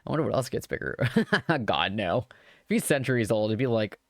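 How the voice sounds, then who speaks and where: Brief: chatty, laughing streamer narrating a game, animated pitch, dry close sound. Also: normal speed, no room sound. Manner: giggly, chatty, joking asides. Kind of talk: live-streamed visual novel read-aloud with commentary.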